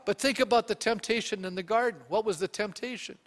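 A male pastor preaching a sermon, animated and often putting questions to the congregation. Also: sits high, fast, few pauses, big-room sound.

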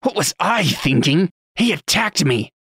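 A man's voice: medium pitch, moderate pace, a bit bright, no room sound, clean studio sound, natural voice. A man voicing a sneering, bullying male laborer in a mocking, taunting drawl for an audiobook. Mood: indignant.

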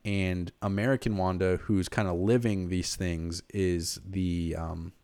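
A man's voice: deep voice, steady tone, a little slow, darkish tone, no echo. A man co-hosting a casual podcast chat, rambling with many fillers and restarts. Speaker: podcast co-host.

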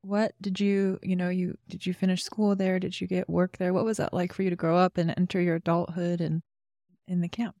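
Low, flat-voiced woman host. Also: fairly quick, no room sound. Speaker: podcast host. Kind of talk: interview questions.

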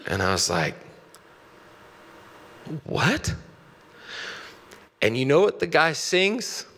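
A man's voice: fairly high pitch, very animated, normal speed, pushed and bright, in a large hall. A man in his thirties, a pastor, preaching a sermon in a conversational storytelling way that builds into passionate preaching.

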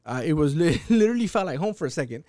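A young man on a podcast, telling a story in a casual, animated and profane way with many fillers. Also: a little high, quick pace, no room sound, clean studio sound. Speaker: podcast host.

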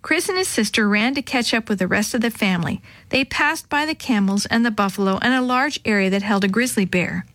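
A woman reading a children's story aloud in a clear, even narration. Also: mid-range voice, brisk, hardly any pauses, dry recording. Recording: dry close sound.

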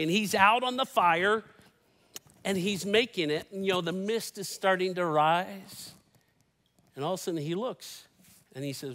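A man's voice: sits high, fairly bright tone, big-room sound. A man in his fifties, a pastor giving a sermon in a church, telling stories with folksy, humorous asides. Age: 50s. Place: church sanctuary.

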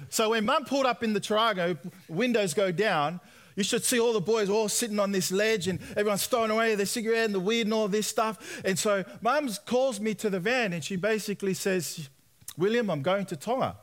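Speaking fairly quickly in a high voice, a young man from Australia shares his personal testimony in a sermon, bringing it to life by performing the quoted voices.

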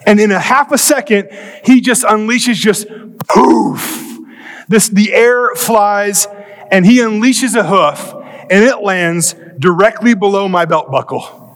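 A man with a high voice tells a comic story from the pulpit, racing ahead and then stretching words out slowly. His voice rings with the long reverb of a church hall. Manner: animated, comic storytelling with quick bursts and drawn-out pauses. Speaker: pastor. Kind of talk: storytelling sermon.

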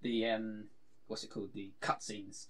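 A man's voice: lowish voice, little pitch movement, moderate pace. A man hosting a casual podcast chat, running the show and restarting his sentences as he talks. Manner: rambling, self-restarting talk. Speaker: podcast host.

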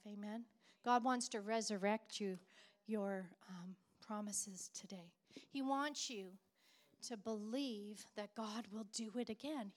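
A middle-aged woman pastor delivers a sermon with fervent, repeated declarations. Her voice sits fairly high.

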